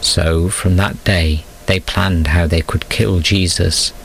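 A man giving scripted storybook narration in a steady, measured reading. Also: low voice, vocal fry, slight background noise, poor audio.

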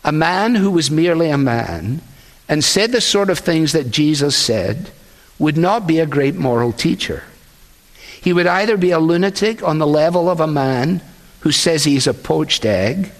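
A man preaching a sermon in an earnest, measured way, often quoting others. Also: fairly high pitch, in a large hall. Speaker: pastor.

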